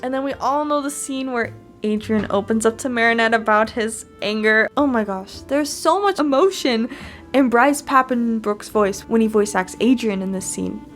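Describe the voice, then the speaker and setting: Giggly chatty woman doing fan commentary, kinda high voice, soft music behind. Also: normal speed. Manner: giggly, chatty, laughs often. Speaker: fan channel host.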